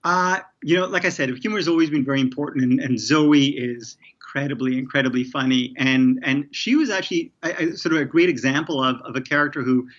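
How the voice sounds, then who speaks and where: A man in a casual interview, speaking as a showrunner about his work. He rambles, repeating words and circling back before finishing a thought. The audio is slightly dull and lo-fi, and his pitch sits in an ordinary middle range. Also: a little fast, few pauses, a bit bright. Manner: rambling, many restarts and fillers. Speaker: TV showrunner guest.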